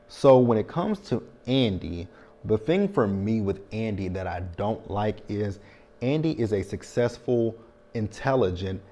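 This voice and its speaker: Recapping a TV episode for his casual vlog, this man in his thirties talks frankly and uses tag questions to check in with viewers. His voice is lowish with a dark tone.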